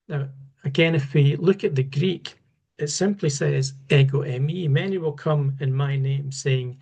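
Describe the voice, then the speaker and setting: A man explains scripture in a slow, deliberate way, pausing and restarting his phrases as he thinks. His voice sits at an ordinary middle pitch, and his tone is that of an unscripted study lesson. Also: mellow, lo-fi sound. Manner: measured, halting, with repeated restarts. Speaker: Bible teacher. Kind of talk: unscripted Bible study talk.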